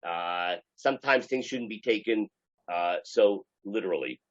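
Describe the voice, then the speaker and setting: A man's voice: fairly low pitch, measured pace, dull audio. A man, a rabbi, teaching a class in an emphatic way with many filler sounds and questions to the students. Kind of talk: lecture to a class.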